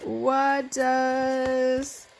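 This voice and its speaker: Switching between two languages at home, a mother whose first language is Vietnamese coaxes her toddler through a bedtime game, playful and laughing often. She speaks in a high-pitched, monotone, gravelly voice, extremely slowly.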